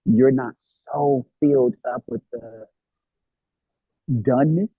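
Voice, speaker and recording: A man's voice: medium pitch, slow pace, slightly rough, dry recording. A man from Los Angeles, talking casually as a guest and animatedly acting out his own inner dialogue. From Los Angeles, United States. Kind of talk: casual conversation about self-love. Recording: tinny phone-like line, dry.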